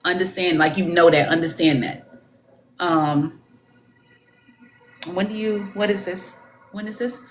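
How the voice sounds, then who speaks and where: A woman working as a psychic medium on a live stream, pausing and searching for words as she relays messages, then jumping up in pitch when quoting. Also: a little hiss or hum. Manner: halting, searching for words, coaxing; relays messages with swoops up into quoted speech. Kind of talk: live-stream spirit reading.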